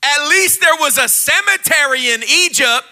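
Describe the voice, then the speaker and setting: A man preaching, putting on the voice of an angry Israelite complaining to Moses, raised in pitch and shouting. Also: animated, normal speed, in a large hall, exaggerated voice. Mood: indignant shouting. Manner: shouting, indignant. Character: panicked, complaining Israelite crowd members, man.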